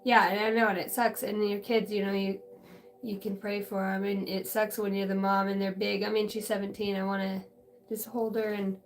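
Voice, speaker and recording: A woman's voice: mid-range voice, flat delivery, normal speed, a little hiss or hum. A middle-aged woman on a vlog who chats in a rambling way, swears freely, laughs often and jumps from story to story. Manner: profane, laughs often, jumps between stories. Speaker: channeler and card reader. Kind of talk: rambling casual vlog chat.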